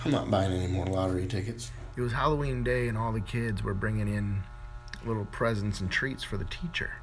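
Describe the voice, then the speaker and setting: A man tells jokes in a loose, casual way. His setups are relaxed and conversational, with the odd filler as he goes. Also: fairly low pitch, fairly quick, crowd noise. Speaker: joke teller. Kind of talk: casual joke telling.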